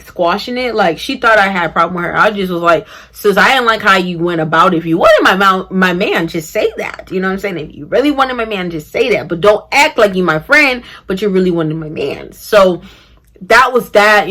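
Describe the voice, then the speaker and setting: Chatty, bright-voiced young woman. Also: medium pitch, moderate pace. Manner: chatty, animated, addresses viewers as y'all. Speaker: vlogger. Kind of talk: casual storytime vlog.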